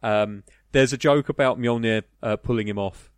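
A man's voice: mid-range voice, normal speed, smooth, no echo. A man co-hosting a casual film podcast, rambling with many fillers and laughing at the jokes. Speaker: podcast co-host.

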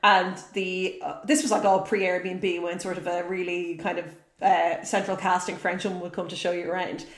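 A woman's voice: lowish voice, little pitch movement, moderate pace, few pauses, reverberant. A woman co-hosting a podcast, telling stories in casual chat and laughing often. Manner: chatty storytelling, laughs often. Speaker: podcast co-host.

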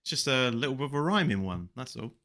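A man's voice: mid-range voice, expressive, fast talker, sharp tone. A man from England, co-host of a comedy podcast, bantering in a playful, defensive way. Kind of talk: casual banter.

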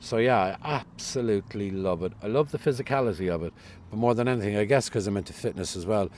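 A man's voice: lowish voice, quick pace, a little mellow, a little hiss or hum. A middle-aged man with a Cork Irish accent, a radio newsreader chatting as an interview guest, self-deprecating and full of stories. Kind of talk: casual interview chat.

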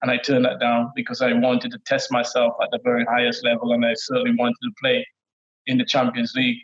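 A middle-aged man with a Trinidadian accent, telling stories as a guest in a relaxed, laid-back way, often laughing. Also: medium pitch, quick pace. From Trinidad and Tobago. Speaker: guest, former footballer. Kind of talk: casual interview storytelling. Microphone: remote call audio. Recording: dull lo-fi call audio.

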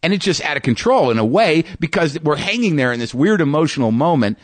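A man, a podcast host and stand-up comedian, telling a story in a halting way, often restarting and repeating words as he searches for them. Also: a little high, sing-song, no room sound. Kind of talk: storytelling monologue.

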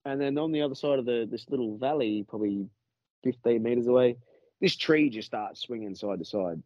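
A man's voice: mid-range voice, brisk, darkish tone, no echo, dull audio. A man with an Australian accent telling a story in a casual podcast chat, rambling and swearing with many restarts.

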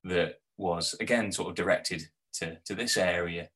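Husky deep-voiced man, animated. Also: moderate pace, low-quality recording. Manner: laughing, animated storyteller. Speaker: podcast co-host. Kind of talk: casual chat.

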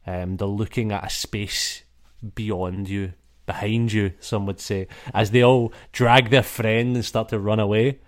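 A man's voice: lowish voice, steady tone, unhurried. A man narrating and running a tabletop role-playing game in a casual, swearing way with many fillers. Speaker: game master.

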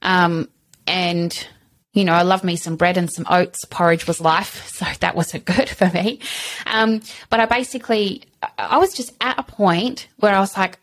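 A woman's voice: fairly low pitch, fairly even intonation, normal speed, a little hiss or hum. A woman, a podcast guest telling her story frankly, full of fillers. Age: 30s. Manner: chatty, frank, lots of fillers. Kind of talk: candid personal interview.

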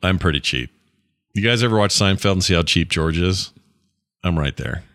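A man's voice: low voice, moderate pace, a bit bright, no echo, clean studio sound. A man from Utah co-hosting a podcast, chatting in a rambling, joking, self-deprecating way. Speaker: podcast co-host. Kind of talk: casual chat.

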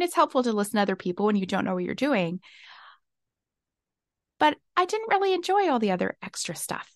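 A woman's voice: sits high, a bit bright, dry recording, studio quality. A woman hosting her own podcast, talking casually and exuberantly, laughing often. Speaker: podcast host. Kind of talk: casual solo podcast talk. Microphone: desk mic.

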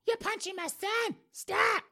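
Man doing old mother voice, shrill falsetto, frantic, scolding, very high. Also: steady tone, a little slow, creaky, bright, forceful tone, full character voice. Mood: panicked. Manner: panicked yelping.

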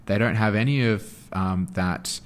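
A man's voice: on the low side, a little slow. A young man being interviewed as a guest, talking animatedly about his anti-bullying school show, often restarting his sentences. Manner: animated storytelling with frequent restarts. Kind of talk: interview answer.

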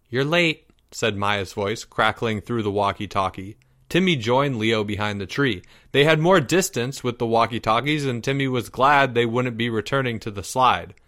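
Slow, measured male storyteller. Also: on the low side. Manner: measured, expressive reading. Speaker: narrator. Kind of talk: storybook read-aloud.

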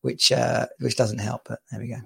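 A gravelly, creaky-voiced man hosting a relaxed podcast, with a mid-pitched voice. He tells stories with laughter and lots of restarts. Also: moderate pace. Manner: chatty, laughing storyteller with many restarts. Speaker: podcast host. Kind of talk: casual chat. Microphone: home podcast mic.

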